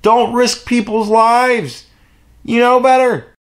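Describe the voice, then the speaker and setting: A man's voice: extremely high pitch, flat delivery, takes it slowly. A man telling a rambling, profane story in a casual vlog rant. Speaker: vlogger.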